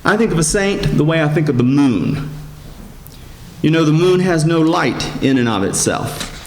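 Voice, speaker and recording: A man, a priest giving a sermon in a gentle storytelling manner, slowing down and rising in pitch for emphasis. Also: expressive. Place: church. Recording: echoey church sanctuary.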